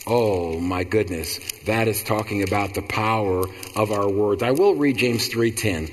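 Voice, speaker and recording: A man's voice: on the low side, a little slow, in a large hall, a little hiss or hum. A man preaching a sermon, emphatic and repetitive, with frequent stumbling restarts.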